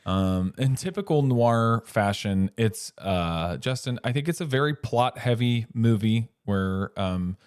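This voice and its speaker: A man's voice: lowish voice, expressive, a little slow, few pauses, a little mellow, clean tone, no room sound, studio quality. A man co-hosting a casual film podcast, rambling through the plot with self-interruptions and chuckling asides. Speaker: podcast co-host.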